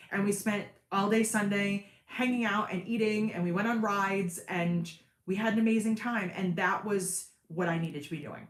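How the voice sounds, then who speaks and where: Woman chatting w her viewers, retells convos, kinda echoey room. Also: mid-range voice. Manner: chatty storyteller, retells dialogue. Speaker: craft channel host. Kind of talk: casual livestream chat.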